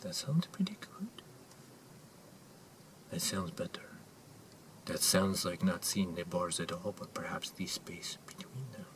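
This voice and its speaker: Male actor as an odd, earnest self-help guru with a deep voice, broken grammar, whisper-to-shout delivery, recorded far off. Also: very animated, measured pace, pauses often. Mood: hushed earnest. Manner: swings between hushed whispers and loud exclamations. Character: eccentric male motivational guru, intense and earnest. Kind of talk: character monologue to camera. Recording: distant mic with faint ambient noise.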